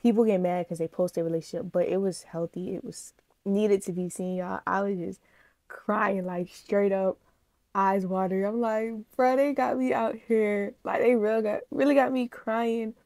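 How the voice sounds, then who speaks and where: A woman vlogger talks straight to her viewers in a casual reaction video. She is animated and gushing, and she calls them y'all. Her voice sits at an ordinary middle pitch, recorded dry and close with no room sound. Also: normal speed, no echo. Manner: emotional, gushing.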